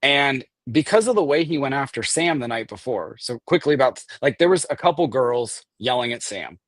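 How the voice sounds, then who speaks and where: A man as a guest, telling a story in casual talk, animated and swearing, acting out the people he quotes. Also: medium pitch, moderate pace, no room sound. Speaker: guest recounting an event.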